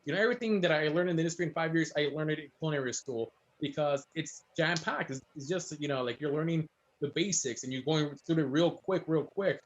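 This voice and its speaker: Fast-talking man telling stories. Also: on the high side, lo-fi sound. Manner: fast, storytelling, animated quotes. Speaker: guest chef. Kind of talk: casual chat.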